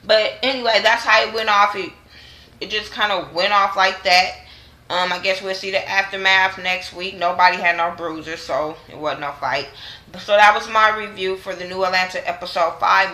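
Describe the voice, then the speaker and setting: A woman's voice: mid-range voice, fairly even intonation, moderate pace, bright, forceful tone. A young woman vlogger giving a blunt, sassy, profane recap of a reality show episode. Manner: blunt and sassy, acts out quotes. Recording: echoey room.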